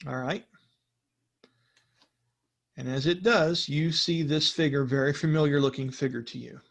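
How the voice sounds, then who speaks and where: A game master narrating a tabletop role-playing session in a relaxed, conversational way, asking players for rolls. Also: mid-range voice, unhurried, vocal fry.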